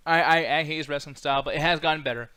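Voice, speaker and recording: A man's voice: a little high, steady tone, racing, sharp tone, smooth, no room sound. A man in his thirties hosting a live-stream chat, talking loosely and profanely with lots of fillers. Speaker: podcast host.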